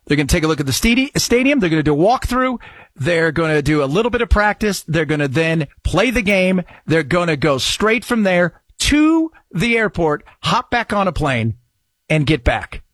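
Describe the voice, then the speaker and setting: A man hosting a talk radio show, riffing in an excitable, jokey way. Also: a little high, dry recording, studio quality. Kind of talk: casual talk radio commentary.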